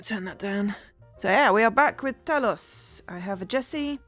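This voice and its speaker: A woman's voice: medium pitch, expressive, measured pace, a bit bright, soft background music. A young woman streaming a puzzle game, chatting casually and thinking aloud about where to go next. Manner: chatty, self-deprecating, thinks aloud while playing. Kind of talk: casual gameplay co-stream chat.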